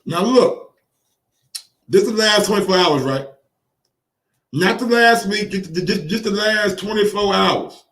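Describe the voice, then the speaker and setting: A man hosting boxing commentary, reacting in casual, profane, excitable talk and repeating phrases for emphasis. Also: high-pitched, a little slow, long pauses, echoey room, far from the mic. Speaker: boxing commentary channel host.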